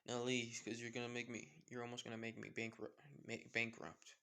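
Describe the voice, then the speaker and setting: A man's voice: medium pitch, completely flat delivery, a little fast, sharp tone. A man voicing a sarcastic, teasing female trader.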